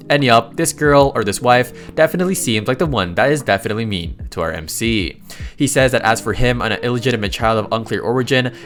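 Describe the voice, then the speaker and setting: A man casually recapping a comic story, excitable and slangy, often breaking in with exclamations. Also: mid-range voice. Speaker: manhwa recap narrator.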